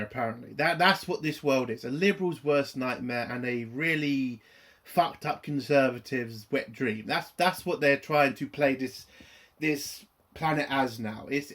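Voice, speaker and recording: A man's voice: medium pitch, measured pace, fairly bright tone. A man ranting in a profane, exasperated and rambling way while reviewing a TV episode.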